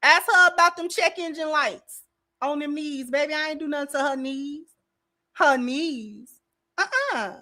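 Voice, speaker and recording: A woman's voice: high-pitched, unhurried, sharp tone. A woman hosting a commentary channel, reacting in a sassy, emphatic way and calling people baby.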